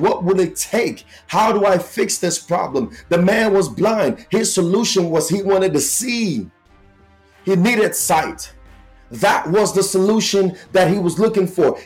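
A man with a high voice delivers a motivational sermon, pleading with his listeners and repeating his lines to drive the point home. Soft music plays quietly beneath him. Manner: pleading, repetitive, building emphasis. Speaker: motivational preacher.

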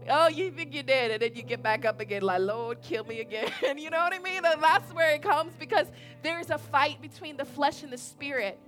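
A young woman preaching a sermon in an animated, conversational way, repeating her points and checking in with the audience. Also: high voice, moderate pace, faint music behind.

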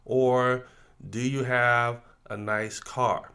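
A middle-aged man in a casual podcast talk who speaks in a relaxed, measured way. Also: medium pitch, smooth. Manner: relaxed, measured, laughs at himself. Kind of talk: casual discussion.

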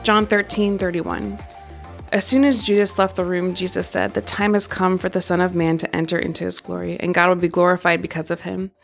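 A woman hosting a Bible podcast, chatting casually and then reading scripture aloud in a steady, even voice. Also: fairly low pitch, brisk, gravelly, soft background music. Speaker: podcast host.

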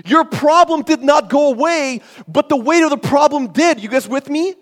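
High-voiced male pastor, emphatic preaching. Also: lively intonation, moderate pace. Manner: emphatic, rhetorical questions, shifts between loud and hushed. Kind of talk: sermon. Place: church sanctuary. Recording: long hall reverb.

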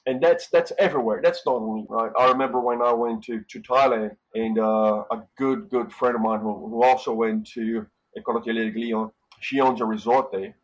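A man's voice: medium pitch, dull audio. A man from Brazil, a hotel manager talking casually in an interview, rambling and repeating words as he thinks.

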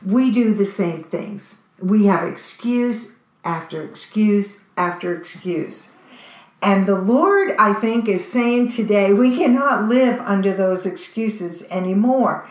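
A woman's voice: medium pitch, expressive, slow. A woman preaching a sermon in a conversational, earnest way. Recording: roomy echo.

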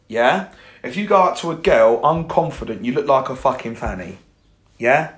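Sweary podcast coach, echoey room. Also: male voice, mid-range voice, expressive, moderate pace. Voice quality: blunt and sweary, slangy. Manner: jokey, laughs at his own lines. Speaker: fitness and confidence coach. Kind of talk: casual podcast monologue.

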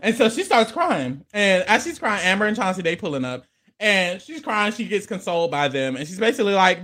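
A man co-hosting a casual reality-show recap, playful and animated, acting out people's lines. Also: sits high, a little fast.

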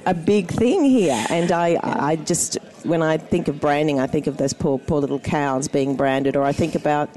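A woman's voice: low-pitched, normal speed, few pauses, dark tone. A middle-aged woman from Australia, with an accent mixed toward American, chatting as a self-deprecating comedian guest who laughs often. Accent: Australian with American mix. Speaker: guest comedian, actor and writer. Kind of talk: casual interview chat.

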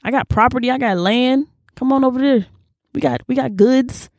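A woman voicing a male ruler making a slangy, persuasive sales pitch. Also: moderate pace, gravelly, darkish tone, no room sound, clean studio sound. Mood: salesy.

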